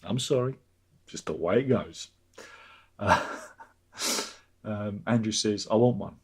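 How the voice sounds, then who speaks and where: A man's voice: fairly low pitch, takes it slowly, husky. A man hosting a livestream, rambling sardonically while reading out chat comments. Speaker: livestream host.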